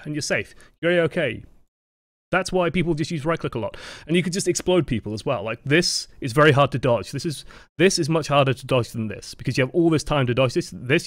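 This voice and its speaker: A man's voice: on the high side, no room sound, clean studio sound. A man coaching a video game live, explaining mechanics step by step in a chatty, self-correcting way.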